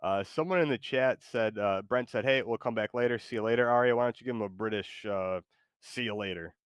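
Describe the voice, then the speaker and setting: A man's voice: lowish voice, a little fast, clean tone, no room sound. A man hosting a stream in casual chat, laid-back and hesitant, laughing often and reading chat messages aloud.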